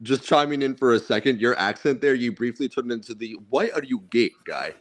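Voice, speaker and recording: A laid-back man chatting on a casual live show, speaking bluntly at an ordinary middle pitch. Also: a little fast. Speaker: podcast co-host. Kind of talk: casual chat.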